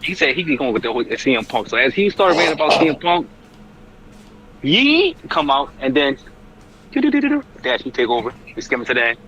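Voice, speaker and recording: A man recaps a wrestling show as an animated storyteller, his pitch jumping all over. The recording sounds a little dull, with faint noise behind him. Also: brisk. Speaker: podcast co-host. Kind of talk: casual wrestling chat.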